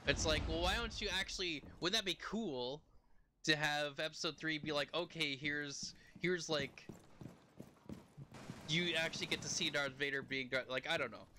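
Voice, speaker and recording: A young man with a slightly high voice streams a game, chatting casually and rambling as he plays, laughing often. He speaks at normal speed over a noisy background.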